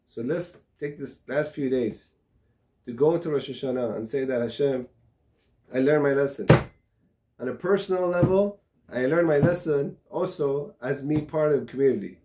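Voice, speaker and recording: A man giving a sermon as a rabbi, telling parables and building to shouted passages. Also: medium pitch, slight background noise. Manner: tells parables with acted-out dialogue.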